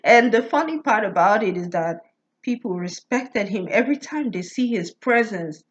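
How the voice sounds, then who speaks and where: Animated and at a moderate pace, a medium-pitched astrology vlogger recounts something personal in a relaxed monologue. She stammers and restarts, laughs often, and keeps checking "you get what I'm saying?"; the lo-fi audio is slightly muffled.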